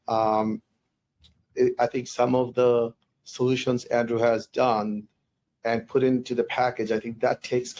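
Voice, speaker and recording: A man speaking on a business webinar panel at a middling pitch. He rambles through his points and keeps restarting his sentences. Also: darkish tone, poor audio. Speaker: tech company executive.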